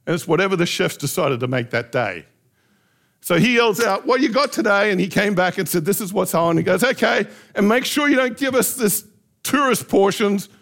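A middle-aged man telling lively anecdotes in a relaxed storytelling talk, often laughing as he goes. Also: sits high, creaky. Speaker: speaker.

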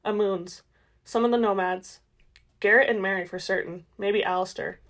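A woman's voice: mid-range voice, fairly even intonation, fairly bright tone, natural voice. A woman reading as Alice, a tense vampire seer. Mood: urgent. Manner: quick, tense, distracted. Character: urgent female vampire seer, trance-like.

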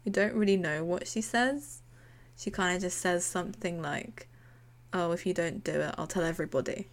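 Speaking at a moderate pace in a fairly low voice, a young female podcast co-host casually recaps a TV episode. She giggles as she often acts out lines from the scenes in quoted voices, keeping the chat lively.

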